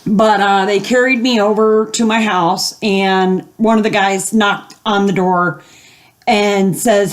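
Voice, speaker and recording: A woman's voice: medium pitch, slow pace. An older woman telling a long story casually at home, rambling with fillers and acting out the voices of the people she quotes. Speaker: gaming video host.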